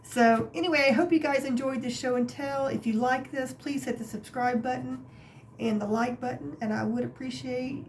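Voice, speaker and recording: A woman vlogger telling a personal story in a chatty, animated way, with many fillers and some laughter, from her craft room at home. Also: sits high, normal speed, slight background noise. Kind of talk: casual storytelling to camera.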